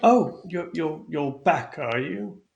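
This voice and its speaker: A man voicing a smug carnival hand who drawls slowly and knowingly in a tabletop game. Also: fairly high pitch, lively intonation, creaky, a little mellow, a little hiss or hum, voice pushed up, full character voice. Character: smug, slow-talking male carnival hand.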